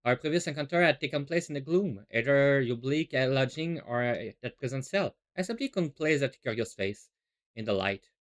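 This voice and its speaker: A man voicing a polite, eccentric gentleman detective who talks in a courteous, rambling, self-assured way. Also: medium pitch, lively intonation, moderate pace, natural voice.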